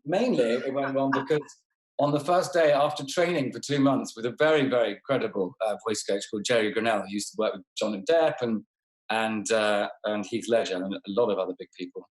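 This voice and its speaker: A man being interviewed as an actor guest, chatting casually in a rambling, self-deprecating way with many restarts. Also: medium pitch. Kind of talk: casual interview over a call. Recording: roomy room sound.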